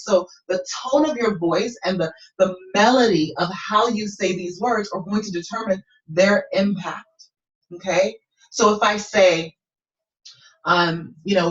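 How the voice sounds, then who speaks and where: A woman's voice: medium pitch, moderate pace. Woman, coach, encouraging, dull lo-fi recording, echoey room. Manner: encouraging, frequent "okay?" check-ins. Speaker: business coach. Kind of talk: coaching lesson. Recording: roomy, distant, dull lo-fi sound.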